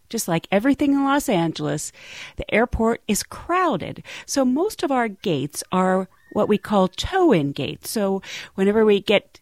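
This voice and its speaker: A woman telling work stories as a flight attendant, animated and laughing often. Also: lowish voice, no room sound. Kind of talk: casual storytelling.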